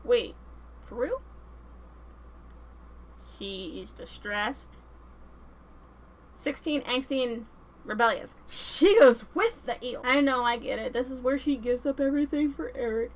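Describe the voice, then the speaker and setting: A woman vlogger giving casual, animated, slangy film commentary. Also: a little high, measured pace, pauses often, poor audio.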